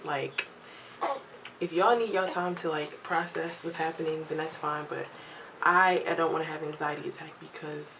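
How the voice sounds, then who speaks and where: A young woman telling a casual storytime vlog at home, lively and chatty, acting out what others said. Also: low voice, normal speed, noisy background. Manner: chatty, animated quoting of others, laughs often. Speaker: vlogger.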